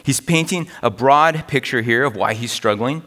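A middle-aged man preaching a sermon as pastor, earnest and expressive, with dramatic pauses. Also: medium pitch, in a large hall.

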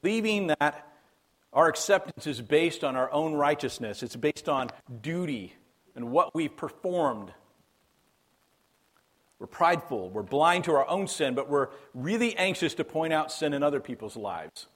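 A man's voice: a little high, expressive, measured pace. A man preaching a sermon as a pastor, in a conversational, emphatic way that repeats key phrases for weight.

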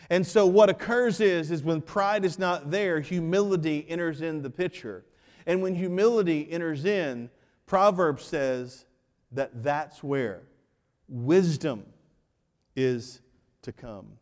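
A man preaching a sermon as pastor, animated and joking with the congregation, dropping to hushed emphasis on key points. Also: fairly high pitch, takes it slowly, long reverb tail. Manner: jokes with the congregation.

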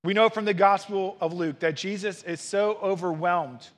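Male pastor, 30s, high-pitched voice, earnest and expressive sermon delivery. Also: normal speed. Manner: earnest, expressive preaching with acted quotes.

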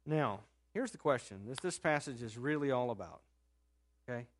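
A man preaching a sermon in a conversational, animated storytelling manner, rising sharply in pitch and loudness at times and dropping to a soft low voice for quoted words. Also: normal speed. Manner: drops to a soft, low voice when quoting Jesus. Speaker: pastor.

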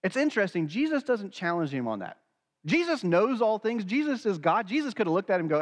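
A man's voice: high voice, very animated, fairly quick, long reverb tail. A man preaching a sermon as pastor, earnest and acting out quoted dialogue.

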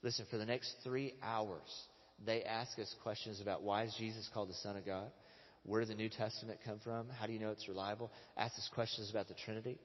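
A man's voice: lowish voice, steady tone, a little fast, long reverb tail, lo-fi sound. A man preaching a sermon in a casual, storytelling way, acting out the quotes. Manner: conversational storytelling with acted quotes. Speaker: pastor.

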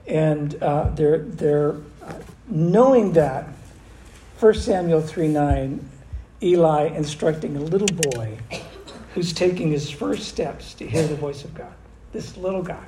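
An older man preaching a conversational sermon as pastor, animated and full of restarts. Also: fairly high pitch, slow. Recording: echoey room with faint noise.

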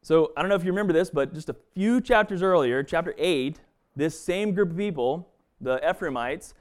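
A man's voice: a little high, lively intonation, a little fast. Guy walking through a bible passage, chatty, lots of um and restarts. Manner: conversational, frequent restarts and fillers. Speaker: bible teacher. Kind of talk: casual bible study teaching.

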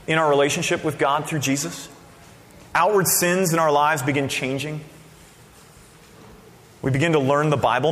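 A man preaching a sermon as a pastor, casual and conversational, with sudden loud bursts. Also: a little high. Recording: long reverb of a hall.

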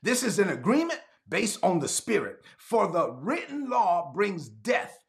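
A man preaching an animated sermon as pastor, speaking. He repeats lines for emphasis and breaks into shouts. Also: high-pitched, unhurried, vocal fry. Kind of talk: energetic sermon.

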